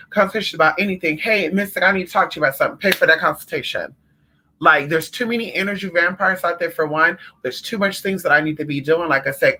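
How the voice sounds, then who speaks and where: A man's voice: on the high side, sharp tone. A man running a casual livestream as a spiritual consultant, talking in a sassy, emphatic way and calling listeners honey and girl.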